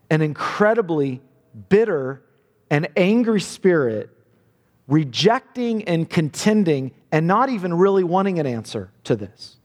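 Earnest preacher man in a reverberant hall. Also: a little high. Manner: earnest, repeats words when building a point. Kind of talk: sermon.

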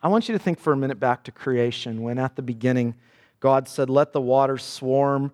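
A man's voice: mid-range voice, fairly quick, darkish tone. A man preaching a sermon, reading scripture aloud with dramatic emphasis. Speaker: pastor.

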